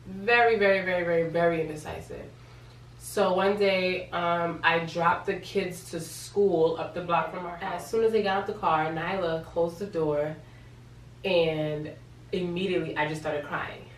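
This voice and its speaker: A young woman from New York tells a personal story in a casual vlog, emotional and repeating words for emphasis. Her voice sits fairly low. The room is echoey, she is a bit away from the mic, and a faint hum sits behind her. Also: steady tone, normal speed, distant mic. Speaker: vlogger.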